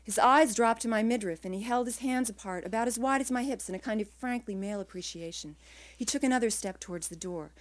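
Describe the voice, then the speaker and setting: A woman writer reading her own literary prose aloud in a quiet, measured way, her phrases trailing off softly. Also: a little high.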